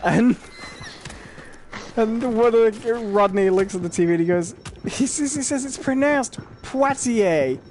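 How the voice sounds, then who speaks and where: A man co-hosting a casual pop-culture podcast, telling stories in a relaxed way with fillers. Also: very high voice, slow pace, a little hiss or hum. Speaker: podcast co-host.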